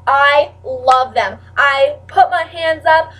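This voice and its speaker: Teenage girl, casual vlog chat, rambling, high-pitched, set back from the mic. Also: takes it slowly, far from the mic, poor audio. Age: teens. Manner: chatty, rambling, with frequent "like" and sudden loud outbursts. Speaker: vlogger.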